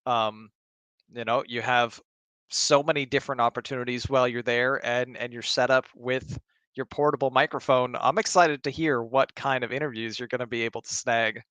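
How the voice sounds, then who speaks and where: A man's voice: medium pitch, steady tone, moderate pace, fairly bright tone, clean tone, no room sound, highs cut off. A man co-hosting a card game podcast in casual chat, encouraging and enthusiastic. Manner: encouraging and enthusiastic, with many fillers. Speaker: podcast co-host.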